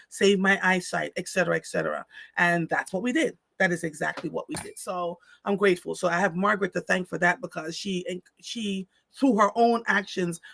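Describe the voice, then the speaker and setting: A man's voice: high-pitched, vocal fry, fairly bright tone, no echo. A man hosting a live stream, reading out viewer comments and responding in an earnest, emphatic way, often repeating phrases for stress. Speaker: live show host.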